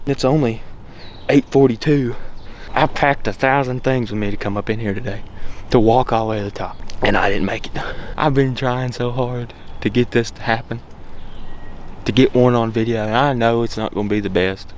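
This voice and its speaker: A man, talking to viewers in a casual, folksy and excitable way as he films his own hunt outdoors on a mountain. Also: mid-range voice, moderate pace. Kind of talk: casual outdoor vlog talk. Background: faint wind and outdoor ambience.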